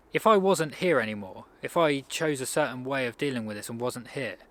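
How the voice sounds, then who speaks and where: In a mid-range, fairly bright voice, a man rambles through a casual self-improvement talk. It's loose and conversational, and he often starts his sentences over.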